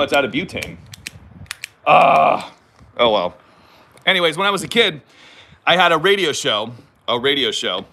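Chatty middle-aged vlogger with a bright, lively voice, self-teasing and rambling. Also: male voice, medium pitch. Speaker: YouTube vlogger hosting a live stream. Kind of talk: casual live-stream chat, reading viewer comments.

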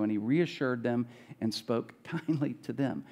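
A man's voice: medium pitch, measured pace, a little mellow. A man preaching a sermon as pastor, talking in a conversational way and acting out the voices of biblical characters. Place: church.

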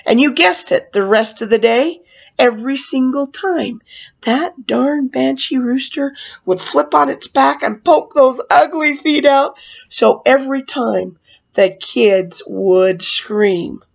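A woman, a clown magician, telling a story from her shows in an animated, expressive way. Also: sits high, takes it slowly, vocal fry. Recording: dull lo-fi recording.

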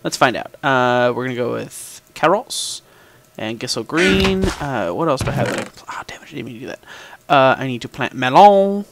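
A man's voice: medium pitch, animated, normal speed, gravelly. A man hosting a gaming video, chatting casually as he plays, thinking aloud and humming little sound effects while he talks to the game. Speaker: gaming channel host. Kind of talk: casual gameplay commentary. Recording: background noise with mouse and keyboard clicks.

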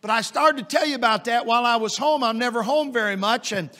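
A middle-aged evangelist preaches in a church sanctuary, his high, ringing voice carried on a long reverb. He tells folksy stories and builds to loud, emphatic peaks. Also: fast. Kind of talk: sermon.

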